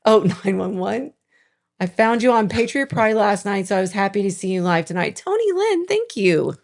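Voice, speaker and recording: A woman's voice: mid-range voice, very animated, normal speed, gravelly. A middle-aged woman co-hosting a live stream, chatting casually and reading out viewer comments. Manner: chatty, reads out chat comments, laughs often.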